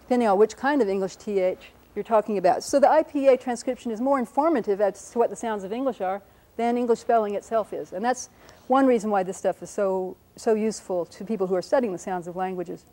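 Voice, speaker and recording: The audio is poor, but the lecturer's voice comes through dark and mid-range, and she speaks quickly. She is teaching linguistics at a whiteboard, patiently pronouncing example words and fixing her mistakes with apologies along the way.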